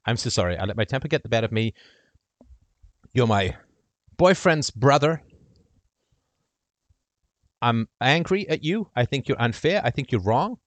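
A man's voice: medium pitch, lively intonation, moderate pace, pauses often, no echo, natural voice. A man voicing an imagined young girlfriend who apologizes in an earnest, reasonable way. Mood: apologetic.

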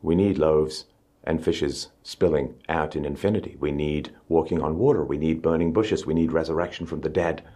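Husky low-voiced man giving a speech. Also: normal speed, warm tone. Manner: emphatic, rising to stressed words. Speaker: speaker. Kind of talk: public speech.

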